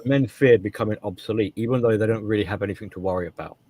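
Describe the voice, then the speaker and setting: A man's voice: lowish voice, fast, warm tone, husky. A man co-hosting a casual podcast discussion, talking emphatically and often restarting and repeating his words. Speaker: co-host.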